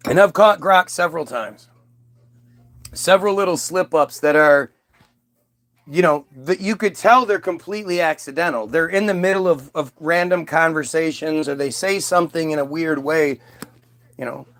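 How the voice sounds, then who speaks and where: A man talks straight to his viewers in a loose, rambling monologue. His voice sits a touch higher than most men's, and he leans hard on his points. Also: moderate pace, fairly bright tone. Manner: emphatic, rambling. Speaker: vlogger. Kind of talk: casual monologue.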